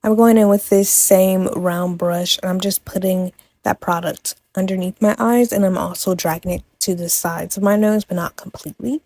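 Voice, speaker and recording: Chatty young woman with a mellow voice. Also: mid-range voice, steady tone, moderate pace, hardly any pauses, no echo. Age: young adult. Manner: chatty and playful, with offhand asides and self-corrections. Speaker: makeup vlogger. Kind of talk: casual makeup tutorial voice-over.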